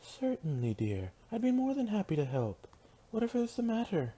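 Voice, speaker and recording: A prim, theatrical unicorn dressmaker, put on by a man reading aloud, gushing at friends and turning shrill. Her voice sits far above his own and swoops dramatically. Read out as a storybook figure. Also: wildly swooping pitch, normal speed, dark tone, breathy edge, exaggerated voice.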